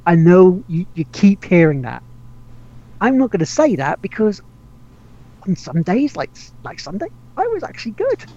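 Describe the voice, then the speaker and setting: A man's voice: high-pitched, huge pitch swings, moderate pace, dark tone. A man hosting a casual gaming podcast, rambling with restarts, laughing and swearing casually. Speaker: podcast host. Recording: dull lo-fi audio.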